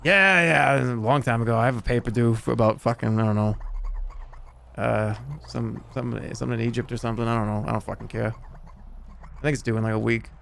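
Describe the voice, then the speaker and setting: A man voicing a lazy forty-year-old male slacker student with a Boston accent, gruff and dismissive, swearing casually. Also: mid-range voice, fairly even intonation, quick pace, a bit bright, slight background noise, pitched below the performer's own voice.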